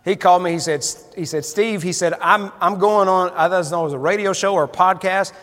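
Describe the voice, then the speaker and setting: A man's voice: high-pitched, brisk, fairly bright tone. A man preaching a sermon, telling a folksy story and building to fervent emphasis. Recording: long hall reverb.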